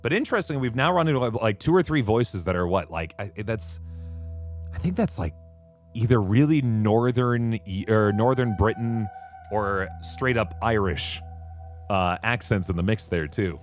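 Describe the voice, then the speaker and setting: A man's voice: fairly low pitch, animated, normal speed. A man streaming a video game, chatting playfully and reacting to what he sees. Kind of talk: let's play commentary. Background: faint game music.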